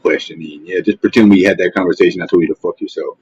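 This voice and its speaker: A man's voice: low voice, fast talker, a little mellow, slightly rough. A man hosting a casual livestream, trash-talking and mocking in a profane, rambling rant. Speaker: livestream host. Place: at home, face not shown. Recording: dull, dry lo-fi stream audio.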